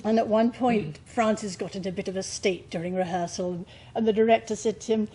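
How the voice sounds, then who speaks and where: An older actress telling stage anecdotes in an interview, with a lively, theatrical delivery. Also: female voice, medium pitch, brisk, hardly any pauses, a little hiss or hum, poor audio.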